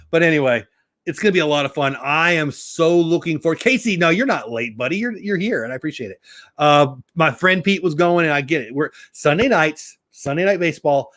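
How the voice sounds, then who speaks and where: Fast-talking chatty man, dry sound. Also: a little high, fairly bright tone, no echo. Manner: chatty, greets chat viewers by name. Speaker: YouTube live stream host. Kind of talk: casual live-stream chat.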